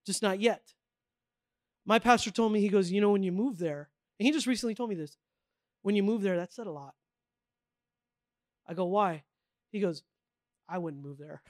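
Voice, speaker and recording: Middle-aged guy preaching, high voice, dry close sound, chatty storytelling with lots of man and okay. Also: dry recording. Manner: conversational storytelling with filler words like man and okay; acts out quoted voices with big pitch swings. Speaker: pastor. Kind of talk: sermon.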